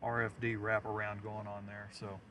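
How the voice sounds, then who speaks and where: A man's voice: on the low side, monotone, normal speed, fairly bright tone, a little hiss or hum. A man chatting casually on a storm-chasing livestream from inside his car, rambling through stories and chuckling often. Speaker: storm chaser streaming live. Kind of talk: casual live-stream chat.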